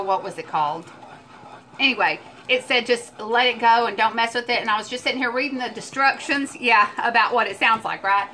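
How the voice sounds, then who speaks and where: A woman's voice: a little high, sharp tone, slight background noise. A woman hosting a home cooking video, chatting and teasing her viewers as she cooks in her kitchen. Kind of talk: casual cooking chat.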